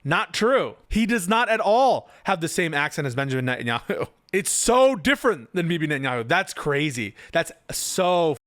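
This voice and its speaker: A male commentator reacts to a written post, firing off incredulous, sarcastic rebuttals. His voice sits a little high. The sound is dry, with no room echo. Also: sing-song, normal speed, few pauses, fairly bright tone. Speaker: political commentator.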